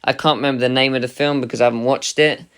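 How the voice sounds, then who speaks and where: A man with a smooth, clear voice at a middle pitch, talking through a casual spoken review. He sounds chatty and enthusiastic as he ranks the works he covers. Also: steady tone, racing, fairly bright tone. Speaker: anime reviewer.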